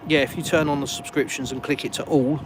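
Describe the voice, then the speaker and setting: A man's voice: a little high, steady tone, fast. A man with a southern English accent, hosting a live stream outdoors and chatting casually with viewers in a self-mocking way. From England. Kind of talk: live stream chat, reading comments. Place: outdoors in a village, walking. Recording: noisy outdoor phone stream. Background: passing cars and street noise.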